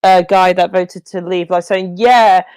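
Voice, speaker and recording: A woman's voice: on the low side, completely flat delivery, moderate pace, a little mellow, clear, resonant tone, dry recording, low-quality recording. A woman co-hosting a livestream, rambling and teasing, with frequent "like"s and restarts. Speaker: co-host. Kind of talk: casual chat on a livestream.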